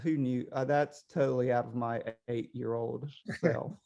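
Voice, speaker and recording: A man's voice: medium pitch, moderate pace, creaky, highs cut off, slight background noise. A middle-aged man, a potter, chatting casually over a video call, rambling with many restarts. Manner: rambling, animated, lots of restarts.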